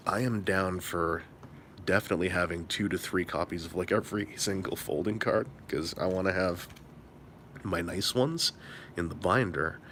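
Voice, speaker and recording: A man opens card packs on a late-night live stream from a hotel room, chatting at normal speed in a rambling, low-key manner and keeping his enthusiasm muted. Slight background noise is present.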